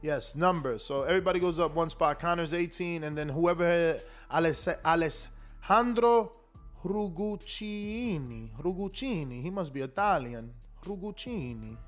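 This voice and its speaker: Soft background music accompanies a fairly high-pitched man speaking at a moderate pace. He hosts a boxing talk show, chatting casually and rambling, and trips over himself reading out the rankings.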